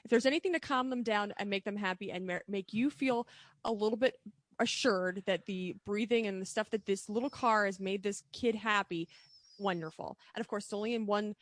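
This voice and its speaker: A woman's voice: medium pitch, no room sound. A woman co-hosting a casual podcast, telling stories in a chatty, rambling way. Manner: chatty, quick storyteller. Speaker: podcast co-host. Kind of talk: casual chat.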